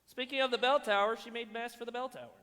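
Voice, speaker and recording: A man's voice: very high voice, fairly even intonation, fast, pushed and bright, big-room sound. A man hosting a live stream, joking around and plugging masks in casual banter. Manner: joking, playful, plugs merchandise. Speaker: host.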